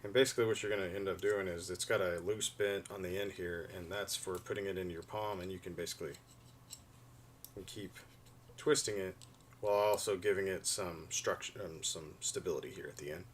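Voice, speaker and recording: A man in his thirties hosts a casual livestream about figure repair, rambling as he walks through hands-on fixes. His voice is low and steady with a brisk pace. The mic sits a bit far off, and there's a slight hiss or hum.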